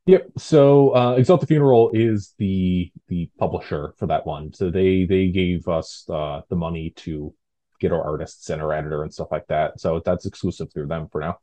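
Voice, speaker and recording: A man's voice: deep voice, normal speed, mellow. A man talking casually as an interview guest, rambling with fillers and restarts. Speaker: guest, tabletop game designer.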